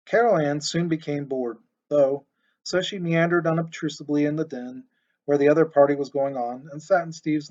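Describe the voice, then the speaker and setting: A man narrating an audiobook in a steady, expressive storytelling voice. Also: mid-range voice. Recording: muffled lo-fi recording.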